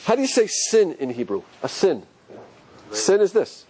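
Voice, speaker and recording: A rabbi teaches a religious class at a moderate pace, in a rough recording with slight background noise. Animated, he asks his listeners questions, his pitch swinging up and down as he explains in this lively classroom lecture.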